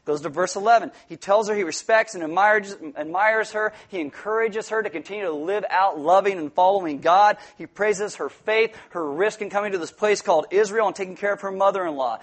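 Lively high-voiced preacher man. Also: moderate pace, hardly any pauses. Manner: lively, joking, acts out quoted voices. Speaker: pastor. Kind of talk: sermon.

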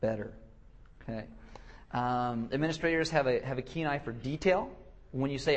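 A young man preaching a casual, joking sermon who restarts his sentences and keeps acting out quick voices to make his point. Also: medium pitch. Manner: joking, self-deprecating, acts out quick voices; halting restarts and repeated words. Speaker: pastor.

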